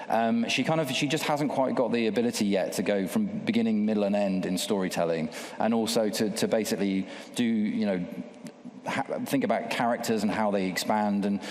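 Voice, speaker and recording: A man's voice: lowish voice, darkish tone. A man closing his part of a workshop panel with a casual, candid talk to the audience. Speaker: panel speaker. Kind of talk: live workshop presentation. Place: event hall with audience. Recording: echoey hall with long reverb.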